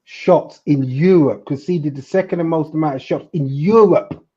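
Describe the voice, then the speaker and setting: A man's voice: a little high, normal speed, dark tone. A man co-hosting a football podcast, talking bluntly and repeating himself when he is exasperated. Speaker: podcast co-host. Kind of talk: casual football chat. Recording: dull lo-fi sound.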